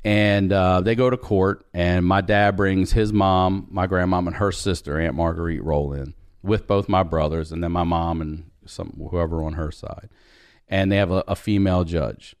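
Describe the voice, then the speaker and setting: Brief: man in his 40s, low voice, dry close mic, lively storyteller who acts out voices. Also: normal speed, smooth, no echo. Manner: animated storyteller, acts out dialogue, swears freely. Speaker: podcast guest. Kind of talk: storytelling in casual conversation.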